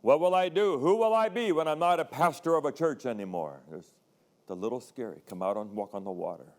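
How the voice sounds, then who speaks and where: An older man, a retired pastor, preaches a sermon in a conversational style, his medium-pitched voice animated and fairly quick. He tells personal stories and acts out the voices of the people in them.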